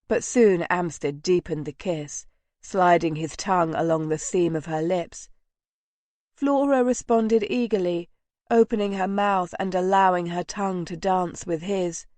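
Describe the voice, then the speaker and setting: A woman narrating an audiobook in a slow, measured, soft reading voice. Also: fairly low pitch, no room sound.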